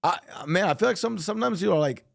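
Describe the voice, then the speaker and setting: Male co-streamer, mid pitch, very lively intonation, emphatic and profane, dry sound. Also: fast, creaky, dry recording. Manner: emphatic, swears a lot. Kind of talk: casual stream chat.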